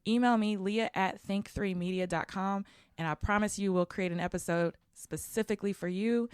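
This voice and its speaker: A woman's voice: mid-range voice, steady tone, moderate pace, smooth, no room sound. A woman hosting a podcast interview in casual chat, talkative and laughing often. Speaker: podcast host.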